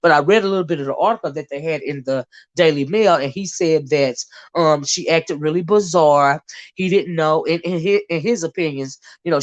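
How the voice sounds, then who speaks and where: A woman's voice: deep voice, dull audio. A woman hosting a casual live stream about a movie. She rambles and chats with viewers, fills her talk with "you know", and calls listeners "child" and "honey". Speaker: movie reviewer and channel host.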